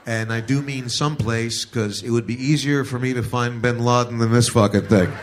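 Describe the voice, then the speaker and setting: A man's voice: mid-range voice, fairly even intonation, moderate pace. A man doing a stand-up comedy routine, telling crude stories bluntly. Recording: archival stand-up recording with noisy crowd. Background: audience laughter.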